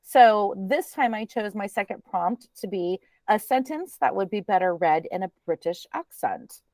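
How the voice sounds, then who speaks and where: A woman presenting a teacher training webinar in a chatty, relaxed way, with many ums. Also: medium pitch, moderate pace, no echo.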